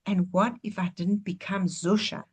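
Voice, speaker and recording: A woman's voice: medium pitch, steady tone, normal speed, a little mellow, slightly rough, close to an everyday voice. Humble dying old rabbi, voiced by a female storyteller. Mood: wistful.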